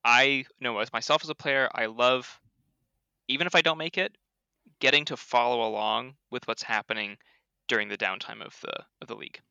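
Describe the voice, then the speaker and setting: Canadian guy, super bright crisp voice, chatty league organizer, dry sound. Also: mid-range voice, moderate pace, dry recording, highs cut off. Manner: chatty, restarts sentences, explains at length. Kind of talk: casual podcast chat.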